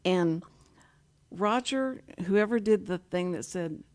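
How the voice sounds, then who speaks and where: Animated middle-aged woman telling stories. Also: on the low side, slow pace. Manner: animated, acts out quotes with laughter. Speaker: sign language interpreter and guest. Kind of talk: casual storytelling chat.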